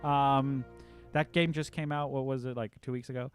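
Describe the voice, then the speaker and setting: A man's voice: mid-range voice, fairly even intonation, moderate pace, faint music behind. A man hosting a casual live stream, talking through his game in a loose, rambling way. He leans on filler words and restarts as he reads chat aloud.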